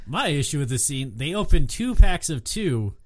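A man's voice: fairly high pitch, sing-song, moderate pace. A man co-hosting a podcast, casually recapping a movie with loose jokes and swearing. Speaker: podcast co-host.

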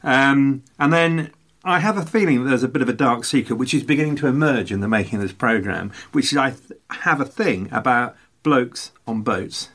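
Chatting casually, an older male podcast host rambles playfully through his stories. He speaks at normal speed with a medium pitch and a slightly bright tone.

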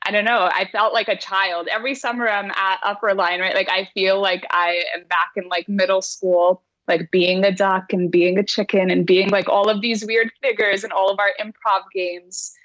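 A woman's voice: medium pitch, level tone, moderate pace, few pauses, a bit bright, no room sound, dull audio. A woman math teacher speaking earnestly in a casual conversation, often laughing as she talks and filling her sentences with "like.". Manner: earnest, laughs while talking, many "like"s.

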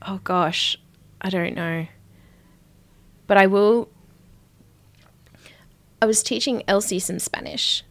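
A woman's voice: medium pitch, slow pace, long pauses. Swearing, teasing woman. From Australia. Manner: swears a lot, teasing, laughs often. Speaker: podcast co-host. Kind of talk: casual chat.

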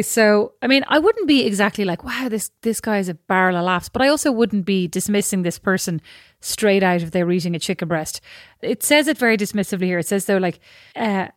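A woman's voice: medium pitch, no room sound, studio quality. A woman co-hosting a podcast, chatting in a playful, teasing, argumentative way. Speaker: podcast co-host. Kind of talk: casual podcast chat.

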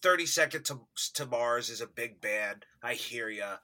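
A man co-hosting a casual movie review chat, animated and quick to laugh. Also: medium pitch. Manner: animated, laughs often, mimics actors with loud outbursts.

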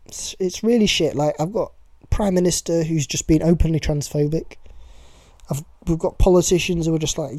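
Young British host, casual solo podcast, warm tone, chatty and sweary. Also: mid-range voice, moderate pace, no echo. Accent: British English. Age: young adult.

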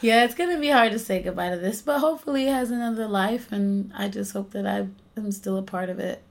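This young American woman, both actress and singer, has a mid-range, creaky voice and speaks briskly. Chatting casually in an interview, she tells animated stories and laughs frequently.

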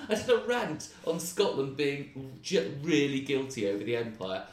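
A man with an English accent, a stand-up comedian telling animated, ranting stories in a casual interview chat. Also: medium pitch, fairly quick, hardly any pauses. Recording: roomy, distant mic.

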